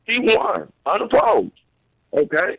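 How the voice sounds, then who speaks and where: A man's voice: sits high, huge pitch swings, slow pace, vocal fry, fairly bright tone, no room sound, low-quality recording. A man, a guest on a talk show, arguing local politics earnestly and emphatically in informal speech.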